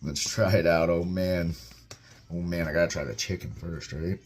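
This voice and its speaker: A young man in his home kitchen, chatting casually and excitedly as he reviews a meal, rambling and tasting as he goes. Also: deep voice, normal speed, slight background noise. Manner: upbeat, rambling, talks while eating. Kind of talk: casual vlog chat. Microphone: camera mic, propped-up phone without tripod.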